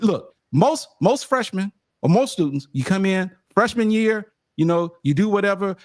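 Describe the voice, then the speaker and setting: A man from California telling a story in casual podcast chat, animated and emphatic, insisting he is not making it up. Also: sits high, no echo, studio quality. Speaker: sports podcast roundtable co-host.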